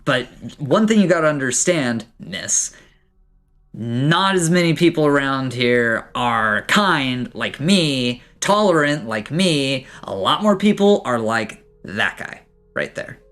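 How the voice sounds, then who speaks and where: A man's voice: mid-range voice, expressive, slow, fairly bright tone. A game master voicing a rude, exasperated male dwarf mail courier, brusque and scornful in manner. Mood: earnest.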